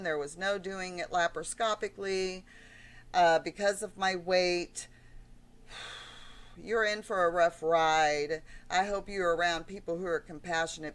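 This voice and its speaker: A woman's voice: lowish voice, fairly bright tone. Woman vlogger, middle-aged, emotional rant, blunt and rambling. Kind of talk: ranting vlog monologue.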